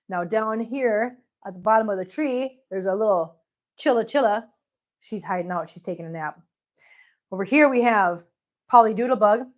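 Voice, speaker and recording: Holding her phone as she wanders her home's living room and catio, a woman chats casually on a live stream, laughs a lot, and talks affectionate baby talk to her cats. Her fairly high voice is animated at a normal pace with frequent pauses, and the recording sounds muffled.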